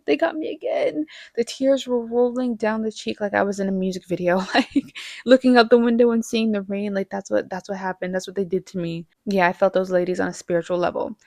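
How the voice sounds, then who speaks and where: Young female reviewer, playful and effusive, mid pitch, dry recording. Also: darkish tone, no room sound. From American Midwest. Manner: gushing, playful, chatty with little laughs. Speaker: movie reviewer. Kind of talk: casual movie review chat.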